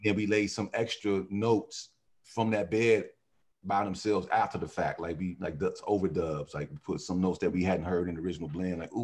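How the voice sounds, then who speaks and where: A man who sings in a vocal group, telling animated stories in a casual interview and often laughing. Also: low-pitched, breathy edge. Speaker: singer in a vocal group, guest.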